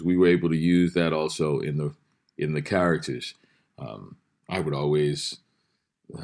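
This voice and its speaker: Casting: very low-voiced male actor as interview guest, playful and chuckling. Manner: playful, laughing, animated storyteller. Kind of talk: anecdotal interview.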